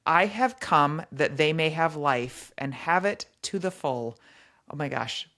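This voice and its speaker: A woman's voice: sits low, measured pace, fairly bright tone. A woman co-hosting a faith podcast, leading the conversation in an enthusiastic, chatty way. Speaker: podcast co-host.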